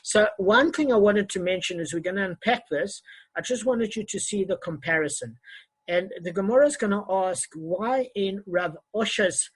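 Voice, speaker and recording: Man, online Talmud teacher on a video call; husky voice, hesitant delivery with self-corrections. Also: sits high, moderate pace, rough recording.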